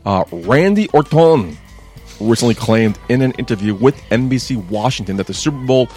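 A man's voice: mid-range voice, expressive, moderate pace, a little mellow, soft background music. A man co-hosting a casual podcast, reading wrestling news with wry, dismissive asides.

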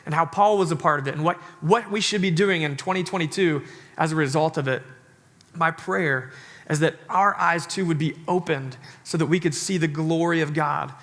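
A man's voice: fairly high pitch, normal speed, fairly bright tone. A man in his thirties preaching to a church congregation, casual and joking, with many "like" fillers before turning to a sermon. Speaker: pastor. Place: church sanctuary.

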